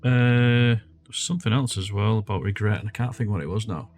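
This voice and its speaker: A man's voice: on the low side, a little fast, a little mellow, faint music behind. A man live-streaming a video game, chatting and thinking aloud as he types questions. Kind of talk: casual live game commentary.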